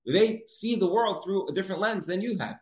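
A man's voice: sits high, fairly quick, a little mellow. Conversational man giving a Torah lecture. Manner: conversational, repeats key phrases for emphasis. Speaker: Torah teacher. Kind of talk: religious lecture with storytelling.

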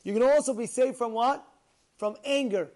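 Lively high-voiced man teaching Torah. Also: normal speed. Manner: reads Hebrew lines then translates, animated, swings from loud to soft. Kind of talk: Torah class explaining a text.

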